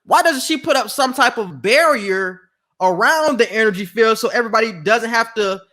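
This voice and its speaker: A man co-hosting a podcast, talking in a slangy, animated way and acting out quotes in casual chat. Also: extremely high pitch, normal speed. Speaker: podcast co-host.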